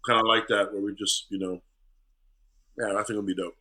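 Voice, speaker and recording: A middle-aged male comedian telling stories in a casual interview, animated and acting out voices. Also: fairly low pitch, brisk. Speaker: comedian guest.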